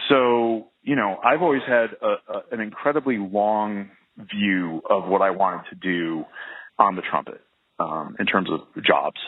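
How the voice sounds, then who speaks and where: Low husky man on a phone line. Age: adult, well past early twenties. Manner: rambling, many fillers and self-restarts. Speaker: professional trumpet player, interview guest. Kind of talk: casual conversational interview. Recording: phone-like narrow band.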